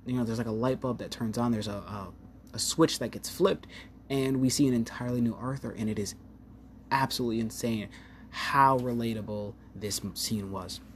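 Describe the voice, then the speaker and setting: A man's voice: medium pitch, steady tone, normal speed, a little hiss or hum. A man giving a casual, rambling film review, full of fillers and open enthusiasm. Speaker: movie reviewer.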